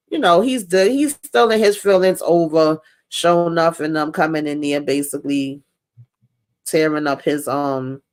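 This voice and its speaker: A woman co-hosting a casual movie discussion, retelling scenes and acting out the lines with laughs. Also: low-pitched. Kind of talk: casual movie recap chat.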